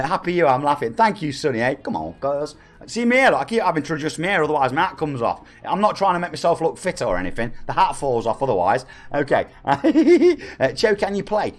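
A man in his forties with an East Midlands English accent, hosting a live game stream at home, chatty and hyped while reading out and thanking viewers. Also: on the high side. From England. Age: 40s. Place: home room.

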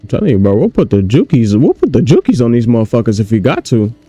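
A man giving casual, animated let's-play commentary on a horror game, chatting to his viewers in slang. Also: medium pitch, quick pace, breathy edge, no echo, faint music behind. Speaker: gaming YouTuber.

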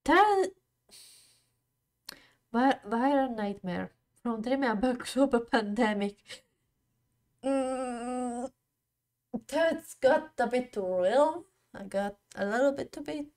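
A woman's voice: fairly high pitch, animated, slow pace, long pauses, darkish tone. A woman casually commenting on her gameplay, talking to her character and laughing often. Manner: talks to her game character, laughs a lot. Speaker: gaming channel host.

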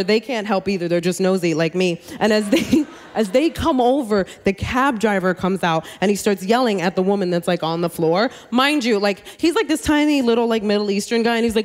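A woman doing stand-up comedy, telling a story in an animated, chatty way full of asides, on a comedy club stage with a handheld mic. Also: medium pitch, a little fast, a little hiss or hum. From New York City.

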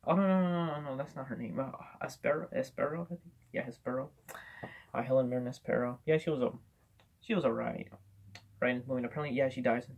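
A man's voice: medium pitch, fast, creaky. A man rambling through a casual movie review, swearing often and restarting his sentences. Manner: rambling, swears a lot, many fillers and restarts.

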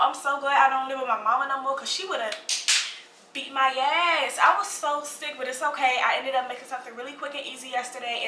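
In a chatty, lighthearted kitchen vlog shot on a phone, a young woman cooks, eats, and talks to her viewers. Her voice is high-pitched and sharp. There's reverb, a slight hiss or hum, and generally poor audio.

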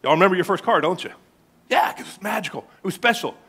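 A man's voice: high-pitched, lively intonation, fast, bright, forceful tone, slightly rough. A man, preaching a sermon to a congregation. He asks them questions and jokes with them as he goes. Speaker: pastor. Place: church sanctuary.

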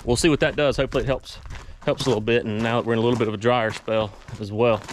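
A man talking casually through a farm vlog outdoors, relaxed and rambling with many fillers. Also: medium pitch, racing, slight background noise. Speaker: farm vlogger.

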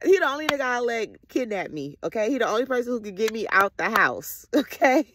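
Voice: medium pitch, very animated, fairly quick, noisy background. A vlogger talking through a casual, rambling reflective monologue full of slang, swearing and frequent laughter.

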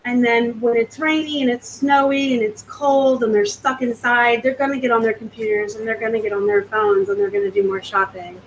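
A woman's voice: a little high, fairly even intonation, a little fast, few pauses, a little hiss or hum, rough recording. A woman from the US West Coast hosting a live stream. She reads out viewer comments and chats about her selling in a rambling, casual way. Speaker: host.

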